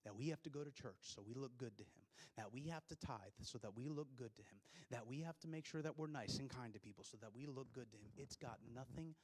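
Brisk and barely pausing, a male pastor with a medium-pitched, darkish, slightly breathy voice delivers his sermon. He presses his points hard through rhetorical questions and breaks into plain, conversational asides to the congregation.

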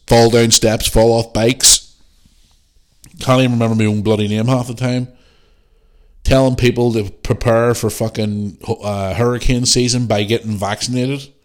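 A Northern Irish man talks casually on his own podcast, speaking bluntly and swearing as he airs his opinions. His voice sits on the low side, and he sounds sniffly as he gets over a bout of flu. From Northern Ireland. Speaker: podcast host. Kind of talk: casual solo podcast rant.

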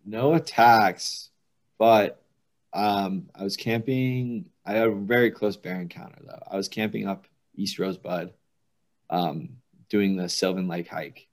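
A man's voice: on the low side, steady tone, unhurried. A man chatting casually on a podcast, telling anecdotes and laughing as he goes. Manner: laughs through vivid anecdotes. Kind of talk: casual chat, storytelling.

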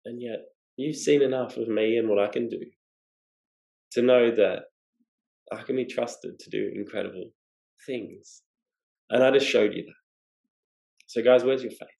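A man's voice: mid-range voice, measured pace, creaky, pauses often, a little mellow, echoey room, rough recording. A man preaching a sermon, explaining scripture and asking rhetorical questions. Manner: expository, asks rhetorical questions.

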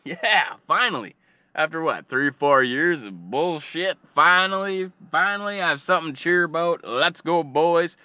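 A young man ranting profanely and sarcastically, jumping from loud outbursts to low muttering. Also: expressive, normal speed, no echo. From Canada. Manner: swears constantly, sarcastic, swings between shouting and muttering. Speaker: hockey fan ranting. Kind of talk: profane casual rant.

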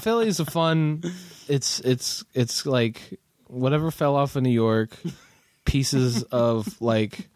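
A man's voice: medium pitch, takes it slowly, darkish tone, no echo, studio quality. A young man from Maryland hosting a podcast, chatting in a rambling, profane way. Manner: profane, rambling, slips into goofy put-on voices. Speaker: podcast host. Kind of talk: casual chat.

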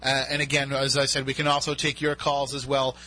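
A man's voice: mid-range voice, completely flat delivery, fairly quick, bright, forceful tone. A man with a South Coast Massachusetts accent hosting a talk radio show in a studio, chatty and upbeat. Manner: chatty, upbeat, reads phone numbers in clusters.

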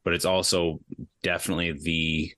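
A man's voice: low voice, flat delivery, moderate pace, pushed and bright, dry recording. A man guesting on a podcast, talking earnestly and restarting his words often. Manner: earnest, repeats words as he talks. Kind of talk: casual film discussion.

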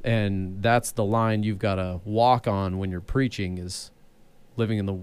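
A man, a pastor, chatting casually on a church podcast, rambling with many restarts and animated asides. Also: lowish voice, a little slow, clear, resonant tone. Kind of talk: casual chat.

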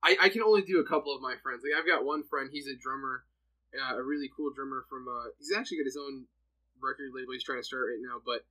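Brief: young male podcast guest from New Jersey, sharp bright tone, chatty storyteller. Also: mid-range voice, fast, poor audio. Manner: laughs often, storytelling with many "like"s. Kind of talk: casual chat.

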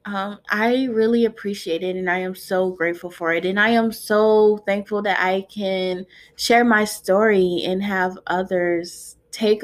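A woman in her twenties hosting her own podcast, talking in a heartfelt, emotional way with many pauses, near tears. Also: fairly low pitch. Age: 20s. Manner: emotional, heartfelt, soft-spoken with frequent ums. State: tearful. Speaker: podcast host. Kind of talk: personal podcast monologue.

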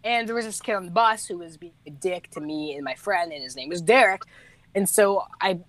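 A man's voice: sits high, a little fast, a bit bright, no echo. A teenage boy, a musician co-hosting a podcast, telling rambling stories in casual chat, laughing and correcting himself as he goes.

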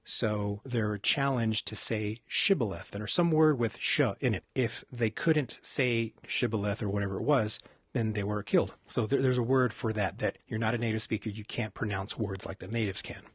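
A man from Texas telling stories in a casual conversation, reflective and halting, often restarting his sentences. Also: on the low side, husky, no room sound. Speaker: podcast guest. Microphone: close mic on his own end.

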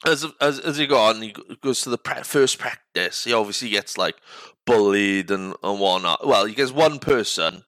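A man's voice: lowish voice, lively intonation, normal speed, few pauses, a bit bright, dry recording, rough recording. A man hosting a podcast, recapping a film in casual chat, rambling with restarts, swearing and acting out scenes. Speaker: podcast host.

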